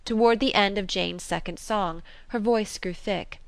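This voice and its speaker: A woman's voice: on the low side, creaky, dry recording. Woman reading a classic novel. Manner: measured, even storytelling. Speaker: narrator.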